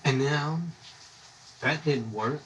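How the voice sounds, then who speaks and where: A man's voice: mid-range voice, slow, fairly bright tone, recorded from a distance, rough recording. A man from the United States, ranting bluntly and indignantly on a live stream, rambling from one grievance to the next. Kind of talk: angry live-stream rant. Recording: voice a bit off-mic, faint background hum.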